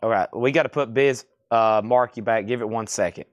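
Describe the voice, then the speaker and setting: Items and prices tumble out rapidly as a man hosts a live-streamed record sale, adding chatty asides along the way. His voice is medium-pitched, recorded at studio quality without echo.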